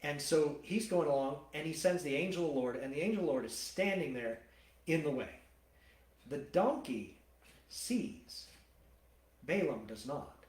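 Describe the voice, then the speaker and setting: A male pastor teaching from the Bible and telling the story in an animated, colloquial way. His voice sits a touch high for a man. The sound is roomy, with church hall echo. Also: normal speed.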